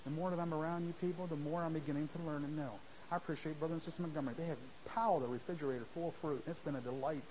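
A man preaching a sermon in church, rising to shouts and dropping to a hush, mimicking his listeners. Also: on the high side, fairly even intonation, rapid-fire, few pauses, slight background noise, low-quality recording. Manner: swings from shouting to soft, mimics church members. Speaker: visiting preacher.

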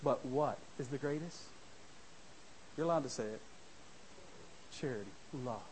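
A man preaching a sermon in church, rising to shouts and dropping to a hush, mimicking his listeners. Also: medium pitch, measured pace, slight background noise, poor audio. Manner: swings from shouting to soft, mimics church members. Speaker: visiting preacher.

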